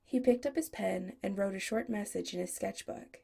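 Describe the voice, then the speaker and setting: A woman's voice: medium pitch, normal speed, vocal fry, hardly any pauses, dark tone, slightly rough. A woman narrating a story as an audiobook reader, giving each character a voice. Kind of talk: audiobook reading.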